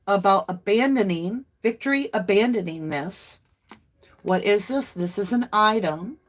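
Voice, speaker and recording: A woman, hosting a casual livestream tarot reading in a chatty, folksy way and addressing viewers as y'all. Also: medium pitch. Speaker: tarot reader livestream host.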